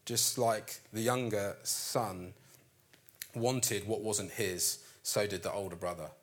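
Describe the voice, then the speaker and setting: A man preaching a sermon in an animated storytelling way, acting out the characters' lines. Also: on the low side, slow.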